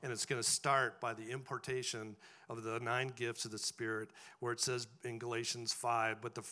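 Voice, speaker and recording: A man preaching to his congregation in a relaxed, conversational way, often pausing to ask "right?" His voice sits at a middle pitch and has a bright, forceful edge. He talks as if speaking directly to the people in front of him. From farming background. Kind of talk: sermon.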